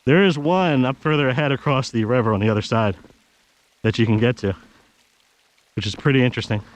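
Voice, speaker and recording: A man's voice: mid-range voice, a little fast, dry recording, low-quality recording. Chatty man narrating a snowy hike. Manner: chatty, gives his dog firm commands. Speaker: hiking vlogger. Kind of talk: casual narration while hiking. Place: snowy wooded trail outdoors. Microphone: action camera.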